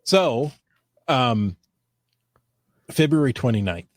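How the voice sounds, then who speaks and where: A man's voice: medium pitch, lively intonation, slow, no room sound, studio quality. A man hosting a casual podcast chat, talking loosely with restarts and easy laughter. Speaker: podcast host.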